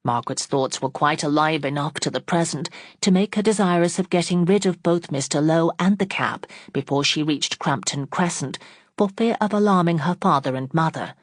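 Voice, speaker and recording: A woman narrating a classic novel as an audiobook in a steady, even reading style. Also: deep voice, normal speed, no echo, clean studio sound. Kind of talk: scripted narration.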